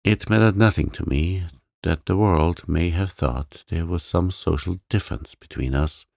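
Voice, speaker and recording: A man voicing a steady, frank young woman. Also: low voice, moderate pace, vocal fry, no echo, studio quality. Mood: tender, frank. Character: proud, forthright young woman in love.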